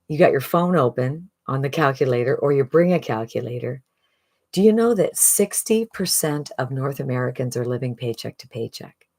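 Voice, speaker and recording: A woman with a notably low voice gives an upbeat, motivational sales pitch. She talks straight to her viewers and keeps checking in with a quick "right?". The tone is that of a promoter rallying people. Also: a little mellow. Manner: upbeat, repeats "right?" often. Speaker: online marketing promoter. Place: streaming live from a phone.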